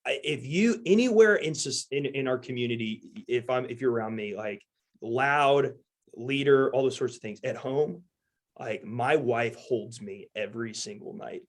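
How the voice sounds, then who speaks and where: A man's voice: mid-range voice, moderate pace. Earnest man talking openly. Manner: earnest, open and heartfelt. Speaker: guest host. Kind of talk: casual podcast conversation.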